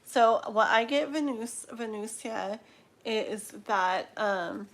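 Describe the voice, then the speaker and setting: Slow, halting woman reading tarot. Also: on the high side. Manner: slow, halting, with many fillers and restarts. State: emotional, laughing through tears. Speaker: tarot reader. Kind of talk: live-stream tarot reading.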